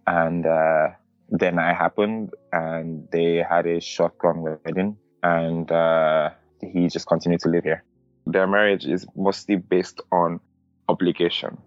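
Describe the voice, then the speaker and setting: A Nigerian man in his twenties with a Nigerian accent, calmly reflecting on his family story. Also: deep voice, measured pace, dry recording, faint music behind. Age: 20s. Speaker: interviewee. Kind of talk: personal storytelling. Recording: dull, slightly lo-fi dry sound.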